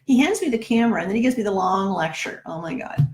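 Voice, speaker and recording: Middle-aged woman just chatting a story to the camera, keeps saying "right?", mid-pitched. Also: animated, quick pace, a little mellow. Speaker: numerologist. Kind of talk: casual spoken storytelling.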